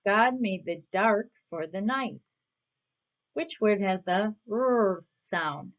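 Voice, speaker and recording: A woman leads a children's reading lesson at a very slow, deliberate pace, pausing after each question. Her words are spaced out and clearly spoken. The recording sounds slightly dull and lo-fi. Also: medium pitch. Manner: patient, asks questions and pauses for answers. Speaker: reading teacher.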